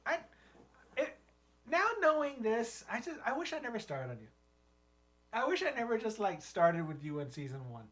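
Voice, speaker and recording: A giggly, animated podcast co-host. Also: male voice, high-pitched, moderate pace, long pauses. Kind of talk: casual chat.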